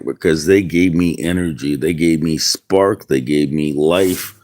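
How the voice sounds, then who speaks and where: Low-pitched male streamer, unhurried, rambling chat, outdoors. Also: darkish tone. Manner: rambling, musing aloud. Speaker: livestreamer. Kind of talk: casual livestream chat. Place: outdoors in the wind.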